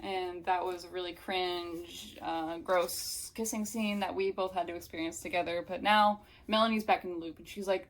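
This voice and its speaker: A woman's voice: on the low side, fairly even intonation, moderate pace, hardly any pauses. A young woman recapping a novel in a casual, sarcastic way, mocking the scenes she reads aloud. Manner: sarcastic, mocking, breaks into acted voices. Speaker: book reviewer. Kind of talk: casual book recap with read-aloud passages.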